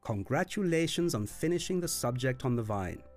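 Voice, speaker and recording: Lively male narrator teaching wine. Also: medium pitch, normal speed. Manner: lively, expressive delivery with playful put-on accents. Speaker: wine course instructor. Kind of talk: scripted educational narration. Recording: dry voice-over with faint music.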